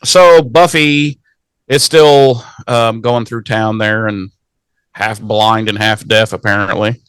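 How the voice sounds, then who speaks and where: A man's voice: lowish voice, fairly even intonation, takes it slowly, fairly bright tone, smooth, no room sound. Man co-host, casual profane episode recap, rambling delivery, dry close mic. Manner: profane, rambling, acts out characters in goofy voices. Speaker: podcast co-host.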